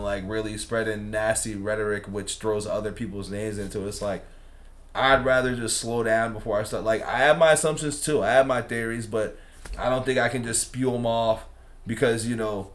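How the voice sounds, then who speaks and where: Young guy with a lowish voice, rambling laid-back reaction chat, lots of slang. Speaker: reaction channel host. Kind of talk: casual reaction commentary.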